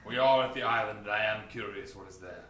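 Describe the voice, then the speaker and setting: A man's voice: fairly low pitch, fast talker, fairly bright tone, natural voice. A man playing a cautious, boastful male companion who frets in a live stage improv scene. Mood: fretful. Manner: fussy, theatrical, worried. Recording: echoey theatre, far from mic.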